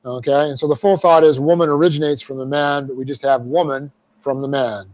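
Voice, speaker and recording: A man's voice: medium pitch, fairly even intonation, fairly quick, a little mellow. A man teaching a verse-by-verse Bible class, explaining Greek grammar step by step with folksy asides. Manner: folksy asides, repeats phrases for emphasis.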